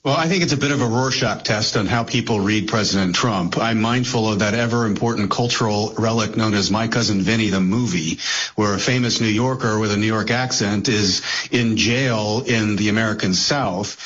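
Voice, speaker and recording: A man's voice: on the low side, normal speed, fairly bright tone. A man as a guest analyst in a talk radio discussion, speaking thoughtfully with frequent hesitations. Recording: dull lo-fi broadcast audio.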